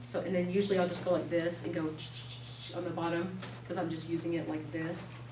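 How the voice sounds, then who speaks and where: Woman instructor in her thirties, chatty and animated, lowish voice, distant mic in an echoey room. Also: fairly quick, noisy background. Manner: chatty, animated storytelling with laughter. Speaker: class instructor. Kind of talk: live classroom demonstration. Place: classroom.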